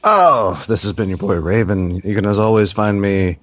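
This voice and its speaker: A man co-hosting a casual podcast, laid-back and quick to chime in. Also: fairly low pitch, no room sound. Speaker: podcast co-host.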